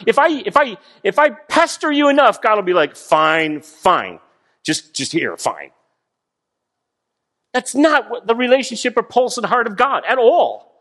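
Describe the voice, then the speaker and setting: A man preaching a sermon, animated, acting out voices as he explains a passage. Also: high-pitched. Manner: animated, acts out voices of God and people. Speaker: guest preacher.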